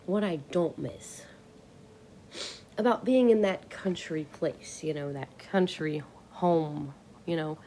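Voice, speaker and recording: A woman's voice: deep voice, slow, mellow, a little hiss or hum. A woman hosting a casual solo podcast, ranting bluntly and with exasperation, swearing casually. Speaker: podcast host.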